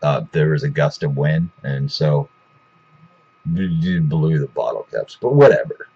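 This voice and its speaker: A man's voice: extremely low pitch, lively intonation, unhurried, a little mellow, husky, highs cut off. A man telling a rambling, profane story in a casual way, with lots of restarts.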